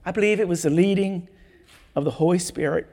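A man preaching a sermon, reading Bible verses in a measured way and repeating key words for emphasis. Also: high voice, warm tone. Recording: long hall reverb.

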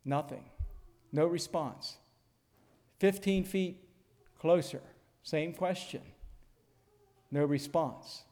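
An older man preaching a sermon in a measured, earnest way, pausing deliberately and reading scripture aloud. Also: fairly high pitch, darkish tone, big-room sound.

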